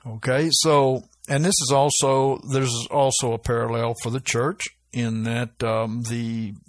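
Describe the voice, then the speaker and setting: Slow, unhurried male preacher. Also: mid-range voice, little pitch movement, dry recording, studio quality. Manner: unhurried, reads scripture with lifted emphasis, asks "right?". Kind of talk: informal sermon with scripture reading.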